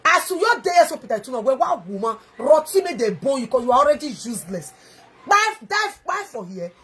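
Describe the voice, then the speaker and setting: A woman with a Nigerian Pidgin English accent, ranting angrily in a video, taunting and mocking with shouts and a sing-song edge. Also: high voice, sing-song, fairly quick, slightly rough. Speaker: online video ranter. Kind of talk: angry livestream rant.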